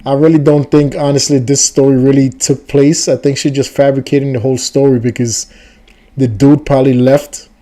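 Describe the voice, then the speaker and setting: A man's voice: mid-range voice, flat delivery, moderate pace, warm tone. A man hosting a reaction video, talking casually and dismissively. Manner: dismissive, casual, keeps saying dude.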